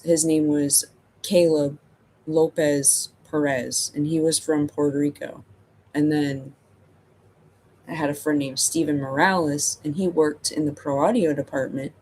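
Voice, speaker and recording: A middle-aged man hosting a channel tells a casual story, rambling and amused with himself, his speech full of "you know" and "like." His voice is slightly high and a little mellow.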